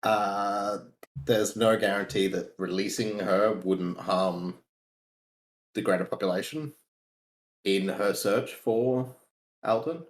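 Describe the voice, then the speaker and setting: A man speaking in character as a principled male adventurer who argues for a fair trial, measured and reasoning. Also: fairly low pitch, roomy sound.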